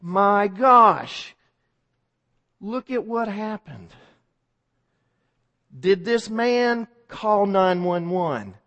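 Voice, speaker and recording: A man's voice: high-pitched, expressive, drawn-out words, pauses often, bright, forceful tone, big-room sound, lo-fi sound. A man preaching a sermon, telling a story vividly, with frequent restarts.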